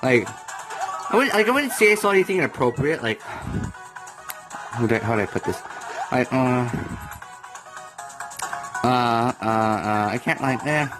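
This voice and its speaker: A young man rambling through casual gameplay commentary, now and then bursting into comic yells. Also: medium pitch, lively intonation, measured pace, pauses often, rough recording. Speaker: let's play gamer. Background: video game music.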